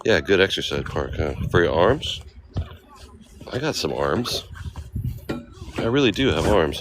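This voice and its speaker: A man's voice: low voice, lively intonation, moderate pace, pauses often, over loud music. A man vlogging casually at an outdoor exercise park, joking and playful. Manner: joking, playful, often exclaiming. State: out of breath. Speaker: travel vlogger. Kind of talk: casual vlog chat.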